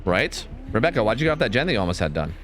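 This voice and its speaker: A man streaming a game, chatting excitedly and swearing as he talks to his teammates and viewers. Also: on the low side, racing. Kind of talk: live gameplay commentary.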